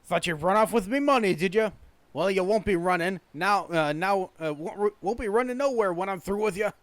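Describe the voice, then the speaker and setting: A man with a put-on Scottish accent voicing a loud, blustering male shipwright. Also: high-pitched, brisk, dry recording, voice pushed up, lightly acted. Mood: threatening. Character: gruff male shipwright, rowdy.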